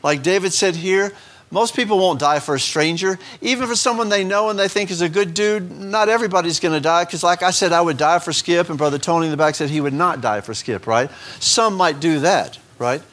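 A man preaches, his voice sitting a little high. He is folksy and jokes along the way, throwing questions to the congregation. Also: fairly quick, fairly bright tone. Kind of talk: sermon.

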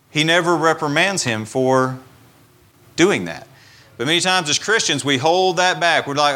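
A man's voice: fairly high pitch, brisk, pushed and bright. A man giving an informal Bible teaching, explaining and paraphrasing scripture in a conversational way.

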